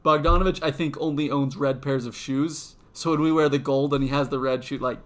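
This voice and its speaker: A man's voice: mid-range voice, fairly even intonation, fairly quick, a bit bright. A man co-hosting a casual sports podcast, joking and bantering with friends. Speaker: podcast co-host. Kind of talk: casual chat.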